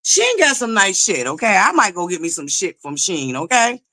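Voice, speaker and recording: A woman's voice: medium pitch, big pitch swings, moderate pace, pushed and bright, dry recording. A woman hosting a casual livestream chat, talking straight to her viewers in a sassy, joking way, laughing often. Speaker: livestream host.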